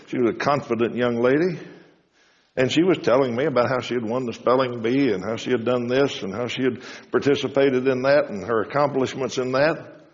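A male preacher gives a sermon in a homespun, storytelling style, raising his voice high whenever he quotes someone. The audio is dull and lo-fi, and a long reverb trails each phrase.

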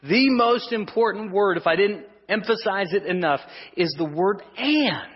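Husky guy preaching, pretty high voice, goes loud then drops to a hush. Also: long reverb tail, dull audio. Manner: swings between loud emphasis and hushed, drawn-out lines; asks the congregation for responses. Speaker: pastor. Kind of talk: sermon. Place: church sanctuary.

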